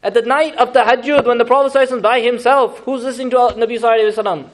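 A man teaching a Quran lesson in a lively, conversational way, asking the audience questions and making joking asides. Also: very high voice, very fast. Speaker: Islamic teacher.

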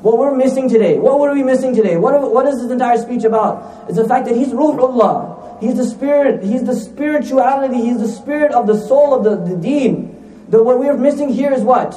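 A man delivers a sermon in a very high, mellow voice, speaking quickly, repeating himself and throwing out rhetorical questions. He mixes in recited Arabic phrases. The sound comes from a distance in an echoey room. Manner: repeats lines for emphasis, asks rhetorical questions. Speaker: preacher.

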